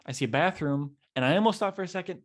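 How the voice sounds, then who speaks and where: A man's voice: a little high, animated, fast. A young man hosting a podcast alone, telling a frustrating shopping story and acting out both sides of the talk. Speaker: podcast host. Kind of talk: solo storytelling chat.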